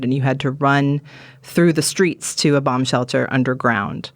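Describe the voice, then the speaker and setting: A woman's voice: extremely low pitch, level tone, normal speed, no room sound. A woman guest telling long, candid stories in a rambling, frank way, swearing casually. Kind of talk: candid conversational storytelling.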